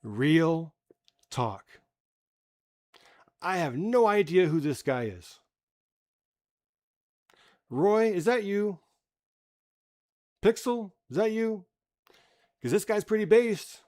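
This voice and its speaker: A man's voice: high-pitched, lively intonation, slow, long pauses, darkish tone. A man ranting bluntly and profanely in casual livestream commentary. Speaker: streamer.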